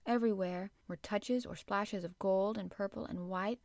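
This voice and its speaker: A woman reading a classic children's story aloud in a gentle, measured way. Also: medium pitch, fairly even intonation, no echo, studio quality. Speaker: audiobook reader. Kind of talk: storybook narration.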